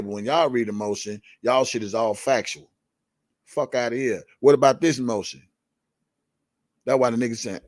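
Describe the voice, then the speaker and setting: A man's voice: medium pitch, a little fast, darkish tone, dry recording, clean studio sound. A man hosting a live show, ranting in blunt, profane, confrontational commentary and repeating key words for emphasis. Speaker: livestream show host. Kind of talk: heated commentary rant.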